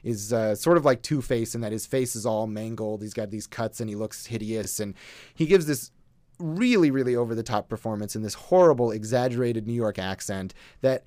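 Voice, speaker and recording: A man's voice: on the low side, normal speed, mellow, no echo. Male co-host reviewing movies, wry and rambling, dry close sound. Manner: wry, rambling, many fillers. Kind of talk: casual movie review chat.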